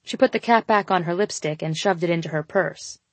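Give me a woman with a lowish voice reading a first-person story, steady and intimate, dry and close to the mic. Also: a little fast, no echo. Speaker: audiobook narrator. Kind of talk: scripted first-person narration.

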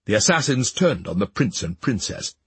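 A man reads a fairy tale aloud with expressive, dramatic timing. His voice is deeply husky and breathy, and it rises and falls animatedly. The sound is dry and close. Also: normal speed, no room sound. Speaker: narrator. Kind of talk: storybook narration.

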